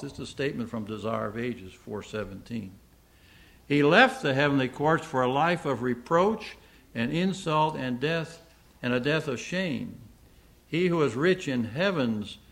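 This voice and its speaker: A man's voice: medium pitch, creaky, fairly bright tone. Earnest male preacher, repeats key lines. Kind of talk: sermon to a congregation.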